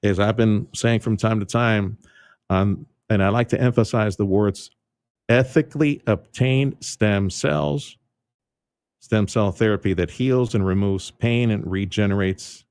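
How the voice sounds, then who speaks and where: A man hosting a radio talk show, speaking emphatically and pushing his pitch up when he makes a point. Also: fairly even intonation, normal speed, darkish tone, smooth, no room sound, studio quality. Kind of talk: opinionated radio talk and interview. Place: radio studio. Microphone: studio microphone.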